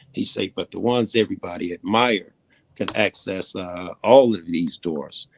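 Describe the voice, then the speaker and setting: A man's voice: deep voice, dry recording. A man telling long, earnest stories in a casual, rambling way, swearing freely. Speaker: guest storyteller. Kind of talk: casual storytelling.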